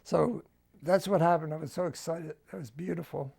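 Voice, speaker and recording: Older man, New Jersey accent, gravelly, slightly high voice, storytelling at home. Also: fairly even intonation, normal speed, darkish tone. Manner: storytelling, acts out quoted dialogue. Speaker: interviewee. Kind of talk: oral history interview.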